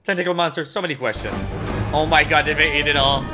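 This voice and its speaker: Excitable young man reacting to a film. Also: on the high side, over music. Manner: excitable exclamations and quick questions. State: a bit tired. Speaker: movie reactor. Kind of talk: casual reaction commentary.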